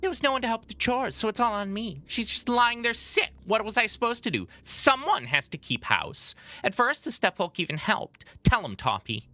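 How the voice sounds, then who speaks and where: A woman's voice: on the high side, very animated, normal speed, hardly any pauses, pushed and bright. A woman voicing a stubborn, defensive village mother in a game, reading her dialogue aloud in an indignant, self-justifying way.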